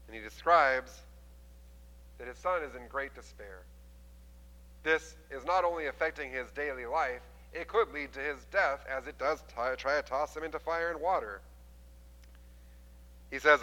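A man preaching a sermon, retelling a scripture story with lively voices for the people in it. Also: mid-range voice, moderate pace, pauses often, long reverb tail, rough recording. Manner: animated storytelling, acting out quoted voices. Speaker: pastor.

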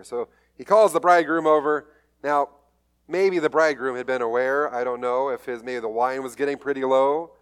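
A man's voice: mid-range voice, moderate pace, clean tone. A man preaching a sermon, retelling a story in a conversational way with light humor. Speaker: pastor.

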